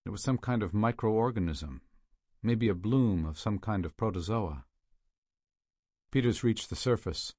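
A man narrating a thriller audiobook in a steady, measured way, on a close studio mic. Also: lowish voice, dry recording.

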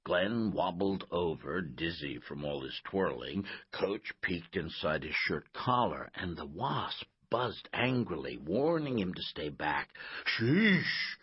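A man narrating an audiobook in a measured, expressive way, in a slightly muffled recording. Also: low-pitched, husky, dry recording.

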